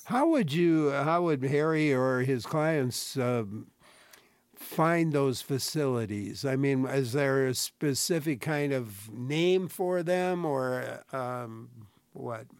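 A man hosting a public radio interview, friendly and a bit halting, stumbling over words now and then. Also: medium pitch, expressive, no echo. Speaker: radio show host. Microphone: studio microphone.

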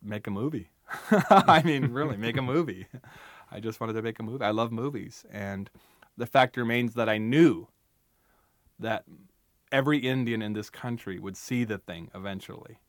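Man, young adult, writer guest, emphatic and wry, mid-pitched voice, dry close sound. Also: normal speed, no room sound. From United States. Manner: emphatic, wry, storytelling with restarts. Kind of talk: animated conversational interview.

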